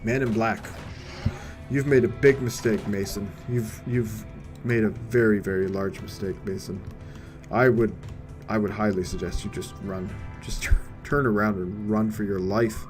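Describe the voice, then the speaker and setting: A man commentating his own game play with wry remarks, dropping to mutters and then shouting. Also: lowish voice, fairly even intonation, a little slow, over music. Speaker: streamer.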